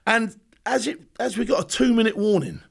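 A man, a former special forces soldier, telling animated war stories as a podcast guest, laughing often and acting out shouts and quotes. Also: high-pitched, vocal fry, husky. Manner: fast, laughing anecdotes with acted-out shouts and quotes. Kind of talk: animated storytelling.

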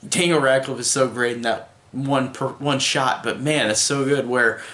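A man's voice: medium pitch, steady tone, normal speed, pushed and bright. A man giving a casual, enthusiastic film review, rambling with restarts.

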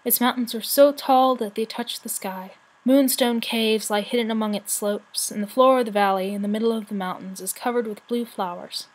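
A woman's voice: on the high side, steady tone, natural voice, low-quality recording. A woman voicing a weary, wise, very old male dragon in a storybook reading. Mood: solemn. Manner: slow, solemn, grave.

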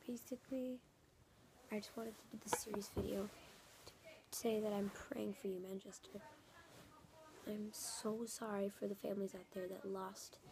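A woman talking in a casual, emotional vlog, often dropping into a soft half-whisper and repeating herself earnestly. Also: medium pitch, creaky, noisy background. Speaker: YouTuber. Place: home in San Francisco.

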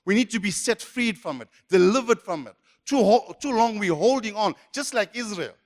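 High-voiced preacher in echoey hall. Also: male voice, expressive, moderate pace. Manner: emphatic, repetitive preaching. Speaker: pastor. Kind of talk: sermon. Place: church hall.

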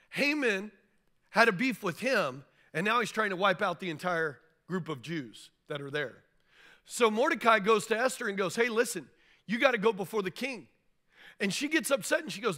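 A pastor with a high, bright voice delivers a sermon in a church. He tells the story loosely and conversationally, acting out the figures' lines in plain modern speech. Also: lively intonation, normal speed.

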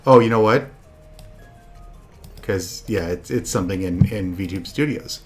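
A young man streaming a party video game with friends, chatting casually and breaking into loud, profane outbursts at the game. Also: lowish voice, measured pace, pauses often, soft background music. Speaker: VTuber streamer.

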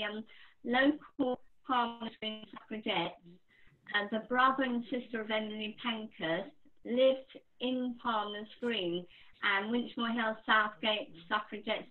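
A woman poet talking as an interview guest, chatty, with many ums. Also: medium pitch. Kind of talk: casual interview talk. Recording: tinny phone-like line.

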